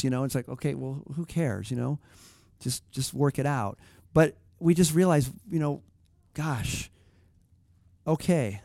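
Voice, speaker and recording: A man's voice: mid-range voice, dark tone, no echo, clean studio sound. Man preaching in a conversational sermon. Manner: conversational, reflective preaching with restarts. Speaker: pastor.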